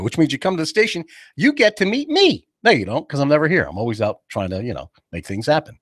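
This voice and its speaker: A man hosts a talk radio show from a studio. His pitch swings widely as he jokes, teases his co-host and acts out other people's voices. The sound is close and dry, with no room echo. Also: huge pitch swings, fast. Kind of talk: casual radio chat. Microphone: studio microphone.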